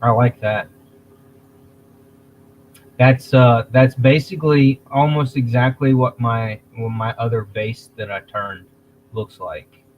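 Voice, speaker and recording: A man chats unhurriedly on a livestream, circling back and restarting his sentences as he thinks aloud. His voice sits at an ordinary pitch, and the audio is dull and lo-fi with a faint hiss underneath. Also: fairly even intonation. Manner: rambling, halting, with many restarts and throat-clearing. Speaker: livestream host. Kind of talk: casual livestream chat.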